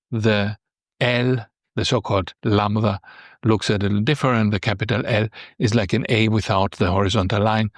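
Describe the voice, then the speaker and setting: A man teaching a beginner language lesson, explaining patiently step by step and lifting his pitch on key points. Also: no echo, studio quality.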